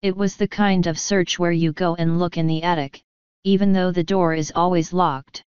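A woman narrating an audiobook in a steady, even storytelling manner, close to the mic. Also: fairly low pitch, normal speed, smooth, no echo, highs cut off. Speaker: audiobook reader.

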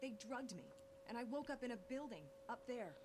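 A woman's voice: on the high side, animated, fairly quick, close to an everyday voice. An actress playing a frightened young woman, a kidnapped hospital intern in a video game, asking shaken questions, heard as game audio with a hum.

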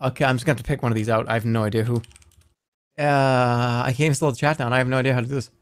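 A man's voice: mid-range voice, fairly even intonation, no echo, faint music behind. A man in his thirties, a streamer chatting casually and joking while playing a game, reading messages aloud as he goes. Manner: joking, reacting fast, reading chat aloud.

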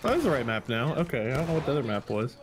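A man's voice: medium pitch, very animated, racing, a crowd in the background. A man co-hosting a gaming podcast, often confused and asking plaintive questions. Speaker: podcast co-host playing a war game. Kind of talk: casual gaming chat. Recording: clear game noise under the voice.

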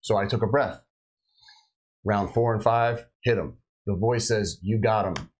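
A middle-aged man with a lowish voice tells his story casually, animated, jumping into the voices of the people he quotes. He speaks as a police officer chatting on a podcast. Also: measured pace, rough recording. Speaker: police officer recounting a shooting.

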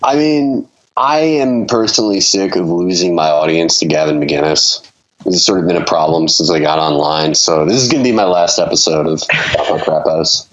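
A man's voice: deep voice, moderate pace. A man joking wryly as a co-host in casual podcast chat. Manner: wry, joking. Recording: dull lo-fi podcast audio.

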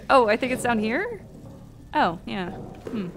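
A young woman streaming a horror game, chatting casually with her viewers, swearing and swinging between muttered whispers and loud laughing outbursts. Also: a little high, big pitch swings, slow pace, slight background noise. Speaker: VTuber streamer. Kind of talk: casual gameplay commentary.

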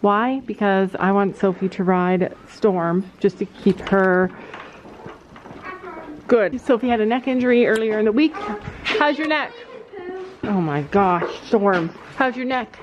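A middle-aged woman chatting casually to camera in a family vlog, thinking out loud and turning bossy when she sets rules. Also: mid-range voice, unhurried. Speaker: family vlogger. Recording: dull lo-fi camera audio with faint noise.

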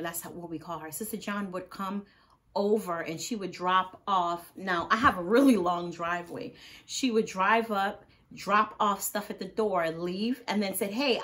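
A woman, a nurse, telling a personal story in a casual storytime vlog, earnest and heartfelt, acting out what others said. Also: fairly low pitch. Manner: lively storyteller who acts out others' words. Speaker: vlogger.

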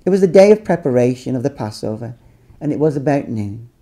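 A man, a pastor, reading scripture aloud in a measured, dramatic way. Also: medium pitch, expressive, warm tone.

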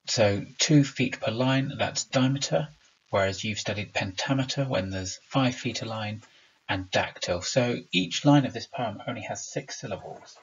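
A man with a low, slightly husky voice, teaching a recorded lesson in an explanatory tone. He taps out rhythms with his voice to make his points. The recording is a little dull and lo-fi. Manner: explanatory, stresses rhythm aloud.

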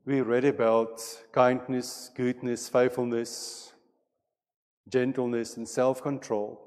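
A man preaching a sermon as pastor, with a measured and deliberate delivery in a church sanctuary. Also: medium pitch, flat delivery, darkish tone. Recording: long reverb of a church hall.

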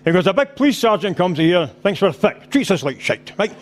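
Scottish comic guy on stage, high lively voice, bouncing all over, sweary rowdy stories. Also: a little fast. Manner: boisterous storytelling, swearing, slipping into character voices. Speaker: stand-up comedian. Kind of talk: live stand-up set. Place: rugby club function room.

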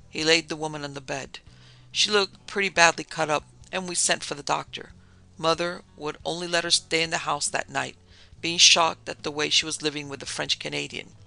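A man narrating a spooky tale in a measured storytelling manner. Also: a little high, vocal fry, pushed and bright, rough recording. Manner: storytelling, measured, dramatic dips.

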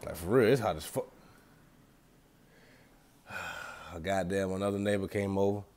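Young guy vlogging, low voice, slangy and cussing a lot, just talking to the camera. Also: fairly even intonation, measured pace, darkish tone, slight background noise. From Atlanta, USA. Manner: loose, slangy and profane, talks straight to viewers. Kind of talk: casual rambling vlog.

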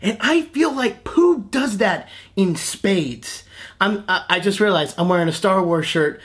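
A young man in his twenties, a voice actor, talking casually to camera in a gushing, excitable way with laughs and restarts. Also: high-pitched, measured pace. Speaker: voice actor, channel host. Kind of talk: casual reaction vlog to camera.

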